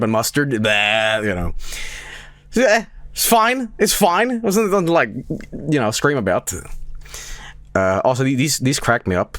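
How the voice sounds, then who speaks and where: A man's voice: medium pitch, a bit bright, no echo. A young man who is not from America chats casually over his own travel video, rambling and swearing, laughing at his own stories. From from outside America. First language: Swedish. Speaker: streamer giving video commentary.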